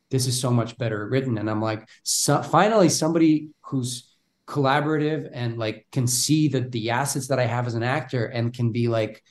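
Actor guest, male, from Bulgaria, Bulgarian as his first language, casual and animated, restarts his phrases, mid pitch. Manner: animated, repeats words when starting thoughts. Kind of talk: casual interview talk.

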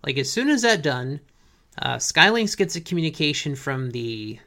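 Bright-toned man recapping a cartoon. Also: fairly high pitch, normal speed, gravelly. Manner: relaxed, summarizing plot with fillers. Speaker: podcast host. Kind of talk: casual chat recapping an episode.

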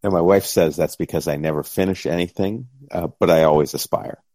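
A man's voice: sits low, brisk, a little mellow, no echo. A middle-aged man co-hosting a podcast in easygoing, casual chat with dry humor, on a close mic. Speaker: podcast co-host and game master.

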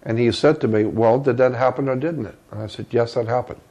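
A man's voice: medium pitch, a little mellow, highs cut off. An older man telling a personal story as an interview guest, earnest and stopping often to repeat himself. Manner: earnest, with halting repetitions.

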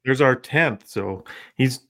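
A man's voice: medium pitch, takes it slowly, a bit bright. A man from South Dakota co-hosting a podcast in casual chat, tossing out dry wisecracks. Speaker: podcast co-host.

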